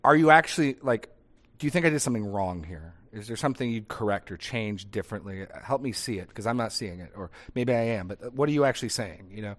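Animated male pastor teaching. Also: lowish voice, fast talker. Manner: animated, acts out dialogue examples. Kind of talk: conversational sermon.

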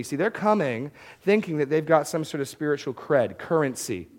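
A man's voice: fairly high pitch, sing-song, normal speed. A man preaching a Bible-teaching sermon in a conversational way, often repeating words as he restarts a thought.

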